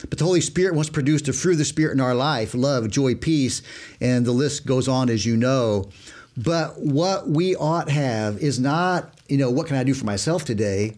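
A male co-host in a conversational Bible discussion talks Scripture with a pastor, speaking emphatically, using everyday examples and repeating words as he goes. His mid-range voice is expressive and darkish in tone, at a normal pace.

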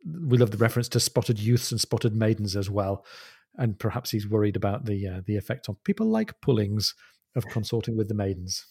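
Mellow man chatting about a book. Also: on the low side, animated, fairly quick, gravelly, slightly rough. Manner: enthusiastic, relishing the text. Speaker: podcast co-host. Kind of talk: casual book discussion with read-aloud passages.

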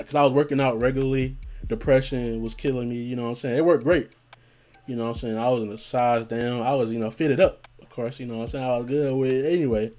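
Brief: male storyteller, mid pitch, loose profane joker, faint music behind. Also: a little mellow. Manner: joking, profane, laughs often, acts out quotes. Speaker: vlogger telling a personal story. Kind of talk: casual storytelling monologue.

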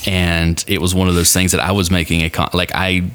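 A man's voice: deep voice, level tone, a little fast, a bit bright, clear, resonant tone. A man chatting casually as a podcast guest, rambling with lots of fillers and restarts.

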